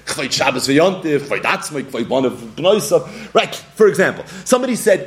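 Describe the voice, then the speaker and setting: A man teaching a Talmud lecture, animated, acting out little scenes and laughing often. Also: a little high. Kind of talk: yeshiva-style Talmud lecture.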